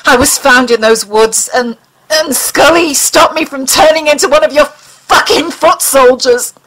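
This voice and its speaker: A woman voicing a tormented male captive who swears, shouts and wheezes in pain in an audiobook. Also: a little high, fairly even intonation, normal speed, close to an everyday voice, rough recording. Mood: furious. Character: tormented captive man, furious and desperate.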